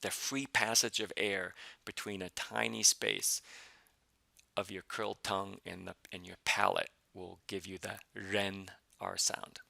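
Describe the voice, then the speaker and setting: A man teaching a pronunciation lesson, explaining patiently step by step with many fillers and repeating example syllables slowly. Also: low voice, level tone, gravelly, bright, forceful tone, no room sound. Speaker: language teacher.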